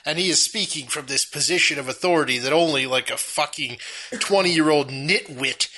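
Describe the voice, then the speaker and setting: A man's voice: a little high, moderate pace, bright, forceful tone. A man picking apart a film in casual chat, sarcastic and profane. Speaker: film reviewer.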